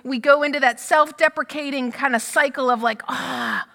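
Woman preacher, lively chatty sermon, bright high voice, hall echo. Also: fairly quick. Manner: conversational, animated storytelling.

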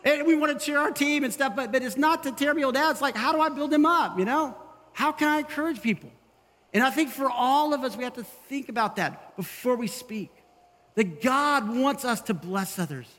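A man pastor giving an animated sermon, acting out quoted voices as he goes. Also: very high voice, moderate pace, long reverb tail.

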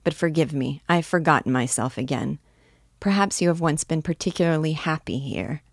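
A woman narrating a literary audiobook in a soft, reflective, unhurried manner. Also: deep voice, dry recording, clean studio sound.

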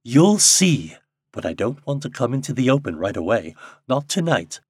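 A man's voice: mid-range voice, sing-song, normal speed, a little mellow, husky, no echo, studio quality, voice pushed up. A man reading an audiobook and voicing a tall, bold adventurer who speaks urgently and commandingly. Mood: determined. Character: tall bold male adventurer, fierce and determined.

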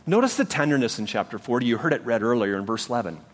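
A man's voice: mid-range voice, sing-song, racing. A man preaching a sermon as pastor, earnest and emphatic, with rhetorical questions to the congregation. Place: church sanctuary. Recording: church hall reverb.

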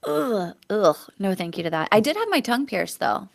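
A woman's voice: mid-range voice, sing-song, moderate pace, vocal fry. A woman hosts a casual podcast chat in a mid-range voice. She talks candidly, laughs often and reads listener stories aloud. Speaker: podcast host.

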